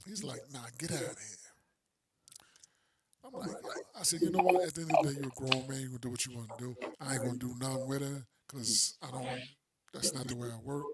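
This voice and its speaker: A man's voice: medium pitch, steady tone, fast, a loud crowd. Male podcast co-host, casual slangy storyteller, acts out quotes.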